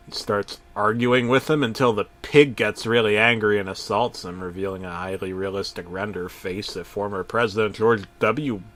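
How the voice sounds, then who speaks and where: A man narrating a parody horror story in a deadpan voice, breaking into sudden shouted outbursts and swearing. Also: on the low side, normal speed, few pauses.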